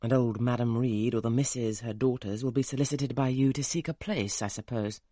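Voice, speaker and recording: Audiobook voice: a man playing a brusque gentleman who teases and commands in turn. His voice is husky and mid-pitched. The sound is dry and close. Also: normal speed, no echo, natural voice. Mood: gruff. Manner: gruff, commanding, teasing. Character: brusque, teasing wealthy older gentleman. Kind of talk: audiobook character reading.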